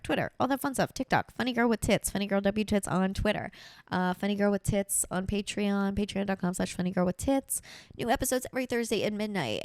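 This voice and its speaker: A woman's voice: mid-range voice, smooth, no room sound. Woman, young adult, podcast host, sarcastic, brash, profane, dry recording. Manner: brash, sarcastic, swears often. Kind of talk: casual comedic podcast chat.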